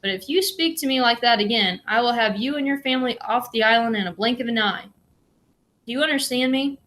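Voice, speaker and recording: A woman's voice: on the high side, brisk, a bit bright, lightly acted. A woman reading as a stern prison warden. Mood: threatening. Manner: firm, clipped and authoritative. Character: stern middle-aged male prison warden.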